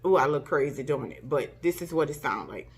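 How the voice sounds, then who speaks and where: A woman's voice: sits low, lively intonation, a little fast, slightly rough. A middle-aged woman tells a personal story to camera, emotional, acting out gasps and cries as she recalls them. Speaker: vlogger.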